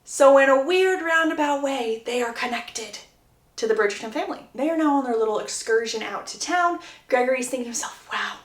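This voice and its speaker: Chatty woman with an animated, high voice. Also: fairly quick. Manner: chatty, animated storytelling, acting out characters. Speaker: book content creator. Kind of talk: casual book plot recap. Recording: roomy echo.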